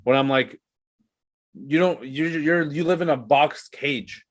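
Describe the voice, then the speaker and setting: A man's voice: a little high, unhurried, dry recording. A man from Canada, a comedian guest on a podcast, ranting in casual chat with heavy swearing. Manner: profane, ranting.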